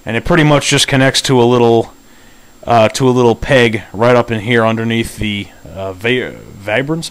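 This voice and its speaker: A man's voice: mid-range voice, moderate pace, smooth. Easygoing man chatting through a figure review. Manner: chatty and easygoing, explaining as he handles items. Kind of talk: casual product review vlog.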